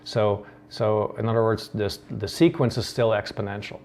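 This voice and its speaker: A man's voice: lowish voice, steady tone, moderate pace, darkish tone, slight background noise. A man from the Netherlands hosting a coding tutorial, thinking aloud with many ums and restarts. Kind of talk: screen-recorded coding tutorial.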